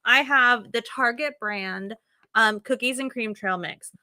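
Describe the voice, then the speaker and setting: A woman's voice: a little high, measured pace, sharp tone. A young woman hosting a casual sewing chat, giggly and playful, using "like" a lot. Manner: giggly, playful, says "like" often. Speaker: host.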